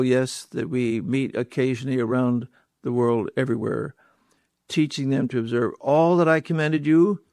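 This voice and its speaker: Man, preacher, sermon, emphatic, repeats words for stress, mid-pitched voice, dry recording. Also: a little mellow, no room sound.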